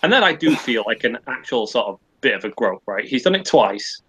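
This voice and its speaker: A man's voice: medium pitch, very animated, fairly quick, bright, forceful tone, husky, poor audio. A man on a podcast telling a long, rambling story, swearing often and restarting his sentences. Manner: rambling, profane, frequent restarts. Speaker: podcast co-host. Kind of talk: casual storytelling.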